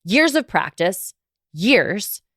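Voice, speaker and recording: A woman hosting a podcast, calmly and earnestly telling a personal story about her family. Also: medium pitch, drawn-out words, no room sound, clean studio sound. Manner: calm, earnest, reflective retelling. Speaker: podcast host.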